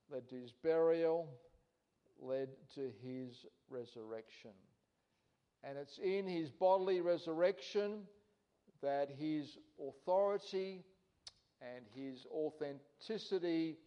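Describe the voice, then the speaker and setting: A male preacher delivers his sermon in an unhurried, deliberate cadence, his voice sitting high for a man. He is earnest and emphatic, leaning on repetition to drive each point home. The recording sounds a little dull and lo-fi. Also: mellow, clean tone. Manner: earnest, emphatic, repeats key words for stress.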